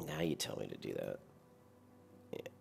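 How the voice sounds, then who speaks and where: A man's voice: extremely low pitch, very animated, normal speed, vocal fry, a little hiss or hum. A very tired man rambling through casual gameplay commentary, with lots of fillers and restarts. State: very tired, yawning.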